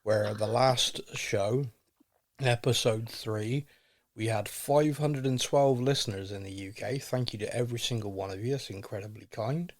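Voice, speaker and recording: Man, podcast host, casual chat, jokey, rambling, middle pitch. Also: moderate pace. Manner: jokey, rambling, talks to listeners directly.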